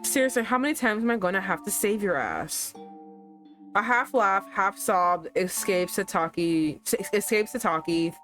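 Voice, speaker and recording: A woman streamer reading a romance game aloud and reacting with animated, profane asides. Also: medium pitch, unhurried, soft background music.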